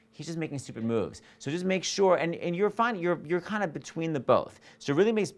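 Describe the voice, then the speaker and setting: A man coaching a singer in a master class, animated and jokey, acting out lines and scatting melodies. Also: on the high side. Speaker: vocal coach. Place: studio or rehearsal room.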